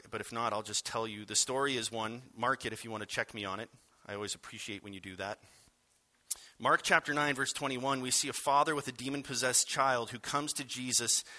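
Male pastor, bright tone, relaxed wry sermon delivery. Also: mid-range voice. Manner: conversational, wry preaching with asides.

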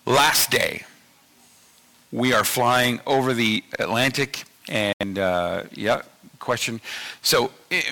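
Pastor, male, 50s; gravelly edge, very bright tone, chatty sermon delivery. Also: on the low side. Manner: conversational, repeats himself, checks in with the audience.

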